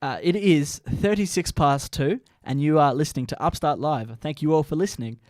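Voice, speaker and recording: A man's voice: on the high side, normal speed, no echo, clean studio sound. A man presenting a student radio show, talking with hesitant uhs. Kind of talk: radio links.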